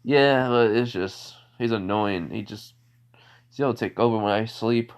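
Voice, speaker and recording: A man's voice: fairly low pitch, a little slow, smooth. Weary sullen teen fighter, a man telling it. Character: tired sullen teenage boy fighter. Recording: dull lo-fi recording.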